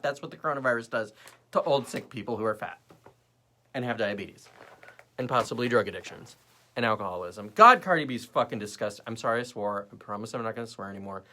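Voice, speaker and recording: A young man hosting his own commentary show, ranting with sarcastic edge. His voice is bright and forceful, and his pitch swings widely as he rants. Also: animated, moderate pace. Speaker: host. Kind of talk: casual political commentary.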